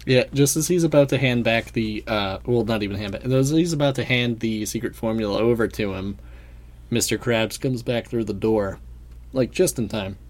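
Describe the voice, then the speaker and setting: A man's voice: medium pitch, normal speed, a little mellow. A man co-hosting a podcast in casual chat, talking loosely, swearing and laughing between thoughts. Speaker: podcast co-host. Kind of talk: casual cartoon recap chat.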